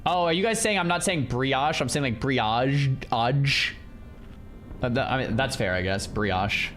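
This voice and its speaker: A male streamer chatting casually with his viewers in an animated, incredulous way. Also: mid-range voice, measured pace, soft background music. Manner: animated, incredulous, talks to chat. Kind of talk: casual livestream chat.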